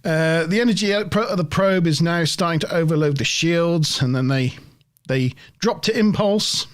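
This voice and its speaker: A man's voice: fairly high pitch, normal speed. A man hosting a review podcast, casually recapping an episode scene by scene with a chatty, lightly laughing manner. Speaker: podcast host.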